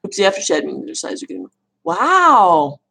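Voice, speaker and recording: Chatty low-voiced woman, lively pitch. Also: racing, creaky, husky. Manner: chatty, rambling, laughs at her own mispronunciations. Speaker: reptile keeper answering live chat questions. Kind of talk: casual livestream chat.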